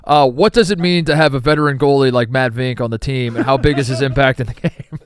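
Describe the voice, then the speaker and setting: A man's voice: mid-range voice, fast, smooth. A man co-hosting a sports podcast in casual chat, playful and teasing, laughing often. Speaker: podcast co-host.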